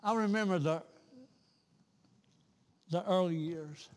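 A preacher with a high voice delivers a revival sermon from the pulpit. He repeats his words in a rhythmic cadence and climbs to loud, fervent peaks. The sanctuary leaves a long, ringing reverb on every line. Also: takes it slowly. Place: church sanctuary.

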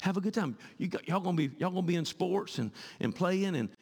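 A male pastor preaching a sermon in church, swinging from fervent shouting to hushed pleading. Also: high-pitched, lively intonation, fast, creaky, big-room sound.

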